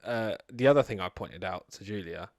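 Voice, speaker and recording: A man's voice: lowish voice, moderate pace, a little mellow, dry recording, studio quality. A man co-hosting a podcast, retelling movie scenes casually with swearing and frequent "right?". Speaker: podcast co-host. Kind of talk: casual chat, movie review.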